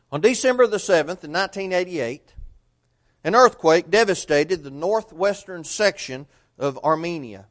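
A man preaching a sermon, telling a story earnestly and swinging between loud and hushed delivery. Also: a little high.

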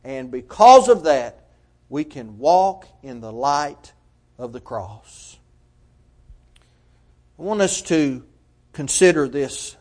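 A man preaching a sermon, emphatic and measured, asking his listeners rhetorical questions. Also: mid-range voice, darkish tone.

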